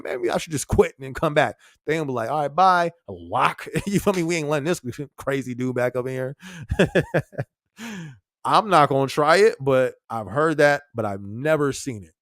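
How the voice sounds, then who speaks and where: Answering viewers' comments on his casual live-stream podcast, this host chuckles a lot and keeps his talk loose and slangy. His voice is fairly high with lively intonation and a moderate pace, captured in a dry, clean studio recording.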